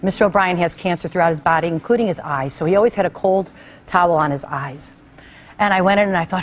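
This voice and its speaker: A woman's voice: fairly low pitch, fast talker, a little hiss or hum. Woman host telling a heartfelt story. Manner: conversational, animated quoted voices. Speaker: talk show host.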